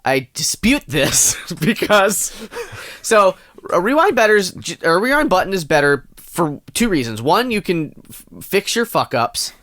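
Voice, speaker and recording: A man's voice: high voice, big pitch swings, unhurried, fairly bright tone, no echo. A man co-hosting a podcast, joking around and rambling, with casual swearing. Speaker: podcast co-host. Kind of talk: casual comedic chat.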